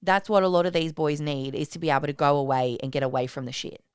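A woman, co-hosting a casual podcast chat, animated and sweary when telling a story. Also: low voice, fast talker, clean tone, no room sound, studio quality. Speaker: podcast co-host.

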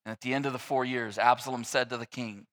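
Guy preaching, jokey retelling w/ silly voices for the characters, bright tone. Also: mid-range voice, fast. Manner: animated, acts out scripture characters in a mocking voice. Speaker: pastor. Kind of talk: sermon.

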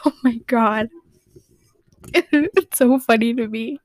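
A woman's voice: on the high side, slow pace, pauses often, no echo. A woman hosting a podcast in casual fan recap chat, rambling, giggly and playfully opinionated. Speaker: podcast host.

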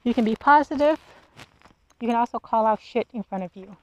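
A woman's voice: fairly high pitch, brisk, lo-fi sound. A woman hosting a solo podcast, ranting bluntly with profanity and rhetorical questions. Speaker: podcast host. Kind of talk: solo monologue rant.

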